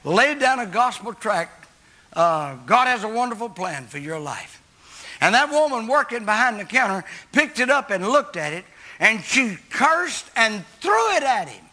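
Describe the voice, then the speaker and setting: A man's voice: sits high, big pitch swings, measured pace, pushed and bright. A man preaching a sermon, telling a story in a folksy, emphatic way.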